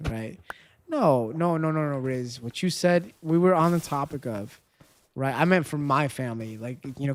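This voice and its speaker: A man's voice: medium pitch, slight background noise. A man streaming a game and chatting casually with viewers, rambling and candid, swearing now and then and tagging nearly every sentence with "right?". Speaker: gaming livestreamer. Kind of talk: casual livestream chat with viewers.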